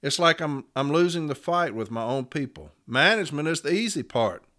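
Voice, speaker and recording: A man's voice: a little high, animated, a little fast, pushed and bright. A man hosting a show, ranting with profane, sarcastic fire about union matters. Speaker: podcast host. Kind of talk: ranting commentary.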